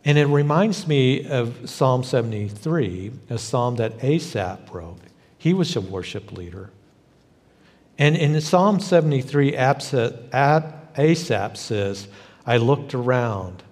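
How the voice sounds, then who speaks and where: A man's voice: medium pitch, animated, takes it slowly, a little mellow, long reverb tail. A man pastor preaching a sermon in a conversational way, rising into emphatic bursts. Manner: conversational, emphatic bursts, frequent "you know".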